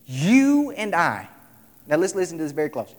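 A man preaching a sermon, emphatic, repeating his lines and swinging between loud and soft. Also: a little high, big pitch swings, moderate pace. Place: large hall, tonight service. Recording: echoey hall with long reverb.

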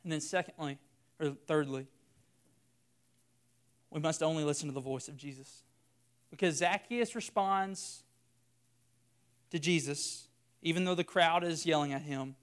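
Guy preaching, kinda high voice, smooth and clear, keeps repeating lines to hammer em home. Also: unhurried, pauses often. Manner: earnest, builds by repeating phrases. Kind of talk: sermon.

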